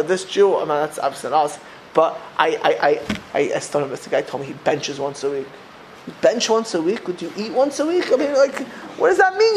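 A man speaks as a rabbi teaching a Torah class to a room of listeners. His voice sits high and swings widely up and down as he fires off rhetorical questions. He stumbles and restarts often. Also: noisy background. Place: room with a live audience.

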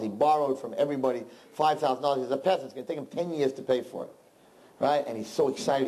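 A man telling a long folk joke to a group, animated, with chatty asides. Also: mid-range voice, slight background noise, rough recording. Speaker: storyteller.

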